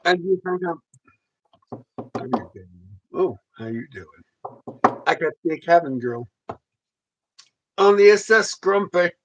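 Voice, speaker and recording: A man's voice: fairly high pitch, lively intonation, takes it slowly, pauses often, lo-fi sound, background noise. A man with a Southern US accent hosting a livestream, joking and teasing his co-host in casual chat.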